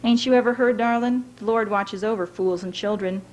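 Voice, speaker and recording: A woman's voice: mid-range voice, fairly even intonation, brisk, darkish tone, a little hiss or hum, close to an everyday voice, low-quality recording. A woman reading aloud voices a folksy male bus driver who teases in a drawl and calls people darlin'. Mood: teasing.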